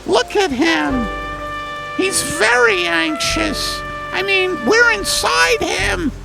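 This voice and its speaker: A man voicing a middle-aged wife who nags her husband in a high, whiny voice. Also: animated, takes it slowly, vocal fry, music in the background, full character voice.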